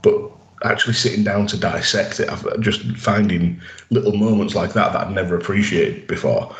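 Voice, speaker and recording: A low-pitched man chatting on a podcast, rambling through an episode recap with plenty of ums and restarts. His voice carries a noticeable echo from the room around him. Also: fairly even intonation, normal speed, muffled recording. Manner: rambling, enthusiastic recaps with many fillers. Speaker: podcast co-host. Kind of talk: casual chat.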